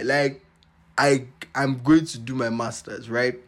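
A young man from Nigeria speaks, hosting a podcast. He tells a personal story in an animated, exclamatory way and laughs between lines. His voice sits at an ordinary middle pitch. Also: takes it slowly. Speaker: podcast host.

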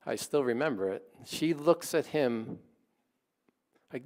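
A pastor telling a story in his sermon, in a conversational and animated way. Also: mid-range voice, takes it slowly.

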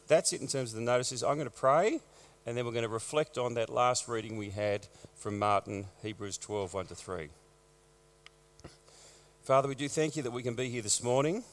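Pastor with a gravelly voice. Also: male voice, mid-range voice, in a large hall. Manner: conversational, wry asides. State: post-viral cough. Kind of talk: church notices and sermon. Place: church.

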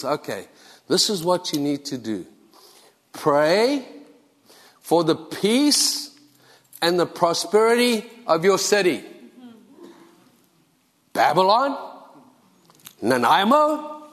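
Pastor preaching in a church hall. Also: male voice, on the high side. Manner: earnest, exhorting, repeats for emphasis. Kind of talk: sermon. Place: church sanctuary.

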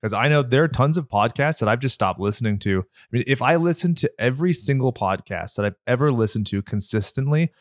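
A man's voice: medium pitch, fairly quick, few pauses, no room sound. Nasal man hosting a casual podcast. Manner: rambling, candid, lively. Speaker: podcast co-host. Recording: dry close mic.

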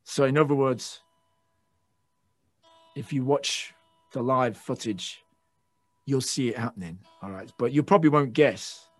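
A man, a guest guitarist, telling excitable stories in a casual interview, swearing and acting out shouts. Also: mid-range voice, a little slow, long pauses, dry recording, soft background music. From England.

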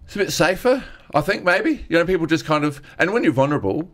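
A young male stand-up comedian talks fast in a fairly high voice, telling stories candidly and earnestly. He animates his retelling by acting out the voices of the people in them, in a conversational storytelling style.

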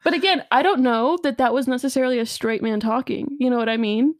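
A woman in her thirties co-hosting a podcast, telling stories in a casual, animated and crude way, full of fillers and restarts. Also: high voice, fast, dry recording, clean studio sound. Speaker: podcast co-host. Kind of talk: casual storytelling chat.

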